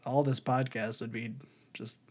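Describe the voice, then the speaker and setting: Man, podcast co-host, casual chat, rambling, laughs a lot, middle pitch. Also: little pitch movement, measured pace, slight background noise. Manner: rambling, laughing, breaks into put-on voices for quotes.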